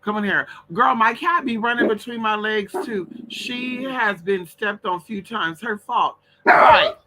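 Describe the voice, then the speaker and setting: A man's voice: high-pitched, measured pace, noisy background. A man chatting casually and playfully on a live stream, talking to his pets and his viewers. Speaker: vlogger doing a live stream.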